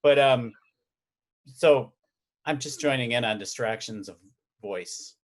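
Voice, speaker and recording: A man hosts a casual podcast chat and tells rambling stories, slipping in jokes as he goes. His voice has an ordinary, middle-of-the-road pitch. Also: slow. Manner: rambling, joking storyteller. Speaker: podcast host and editor.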